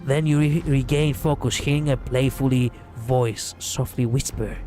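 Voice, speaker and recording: A man's voice: mid-range voice, fairly even intonation, unhurried, mellow, faint music behind. Playful Greek-accented man streaming a game. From Greece. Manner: playful, breaks into laughter and quips between read-out lines. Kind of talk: gameplay livestream, reading game text aloud.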